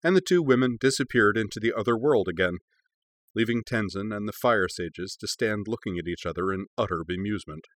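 A man reading fiction aloud as narrator in a steady, measured storytelling manner. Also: on the low side, no echo, clean studio sound.

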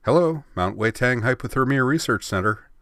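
A man voicing a brash, cheeky tomboyish teenage girl, raising his voice into a higher register. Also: lively intonation, normal speed, fairly bright tone, no room sound, studio quality. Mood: breezy. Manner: cheeky, whiny.

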